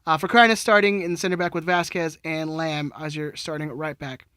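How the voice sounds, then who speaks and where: A man's voice: on the high side, steady tone, a little fast, sharp tone, clear, resonant tone, dry recording, studio quality. A man co-hosting a podcast, joking around and recapping a soccer match from a lineup. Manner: joking, laughs easily, reads off a lineup. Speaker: podcast co-host. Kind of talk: casual chat and soccer recap.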